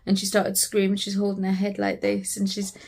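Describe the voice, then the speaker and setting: A woman's voice: mid-range voice, completely flat delivery, brisk, creaky, darkish tone. A British woman, a family vlogger, earnestly retelling a frightening family emergency in a personal storytelling vlog.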